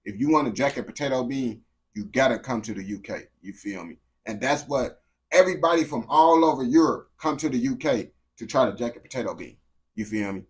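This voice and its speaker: A young male streamer chats casually with a game character using heavy slang, swinging from low mumbles to excited yelling.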